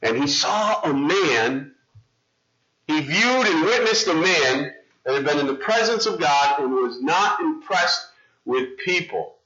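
A male pastor delivers a sermon in a chatty, animated storytelling way. His voice sits high and sounds bright and forceful. The recording is dull and lo-fi. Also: takes it slowly.

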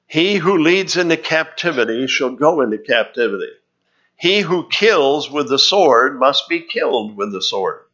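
A male preacher delivers a sermon in an earnest teaching tone, reading scripture aloud. His delivery is slow and deliberate, at a medium pitch. The recording sounds muffled and lo-fi. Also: a bit bright.

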